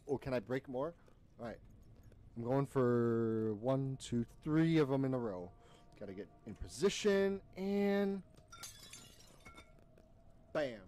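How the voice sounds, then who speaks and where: A man's voice: mid-range voice, slow, pauses often. A young man streaming a horror game, commenting with jokes, yelps and laughs. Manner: animated, jokey, frequent yelps and laughter.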